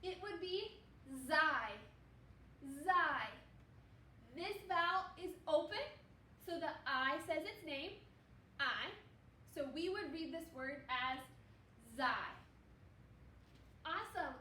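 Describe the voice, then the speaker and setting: A woman teaches early reading to young children, stretching out each sound and praising often. Her voice sits high and her pace is slow and patient. The room echoes a little, and faint noise stays in the background. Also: animated, pushed and bright, distant mic. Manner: slow, encouraging, sounding out words. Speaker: second grade teacher. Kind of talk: phonics lesson for children.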